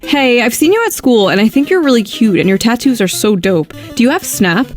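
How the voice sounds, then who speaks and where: A woman giving sarcastic reaction commentary, reading dating messages aloud in a deadpan, mocking way. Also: a little high, fairly quick, soft background music.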